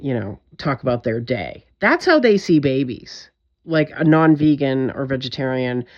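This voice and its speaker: A woman's voice: rumbling low, a little mellow, dull audio. A woman vlogger in a direct-to-camera monologue, talking in an intense, emphatic way, frustrated and swearing often.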